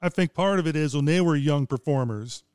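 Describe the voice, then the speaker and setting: A man's voice: on the high side, brisk, a little mellow, clean tone, no room sound, clean studio sound. A man interviewing a guest in a chatty, casual way, often restarting his sentences.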